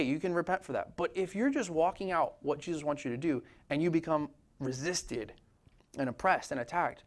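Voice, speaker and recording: A man preaching a sermon in a casual, conversational way, often asking "right?" and laughing lightly. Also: on the high side. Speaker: pastor.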